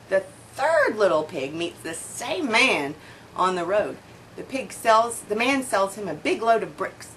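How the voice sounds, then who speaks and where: A woman reading a children's story aloud to her child, expressive and stopping to point out the pictures. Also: medium pitch, slight background noise, rough recording. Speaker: storyteller and mother.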